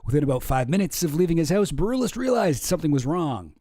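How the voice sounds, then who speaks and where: A man's voice: fairly high pitch, sing-song, fast talker, mellow, dry recording, clean studio sound. A man hosting a casual commentary stream, reading news posts aloud with sarcastic, swearing asides. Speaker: streamer host.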